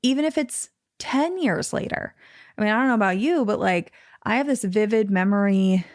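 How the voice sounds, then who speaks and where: A woman's voice: mid-range voice, moderate pace, no echo, clean studio sound. A woman podcast host talking casually, thinking aloud and filling her speech with "like.". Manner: chatty, lots of "like" fillers, thinks aloud. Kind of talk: casual conversation.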